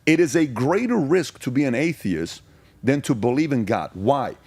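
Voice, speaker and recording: A man's voice: mid-range voice, animated, moderate pace, darkish tone, breathy edge, dry recording. Emphatic man from Iran, dry close sound. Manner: emphatic, fires rhetorical questions. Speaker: podcast guest. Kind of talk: casual storytelling interview.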